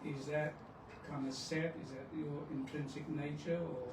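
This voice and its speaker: A man's voice: fairly high pitch, level tone, unhurried. A man in the audience asking a hesitant question, searching for his words. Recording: distant, roomy, noisy audience pickup.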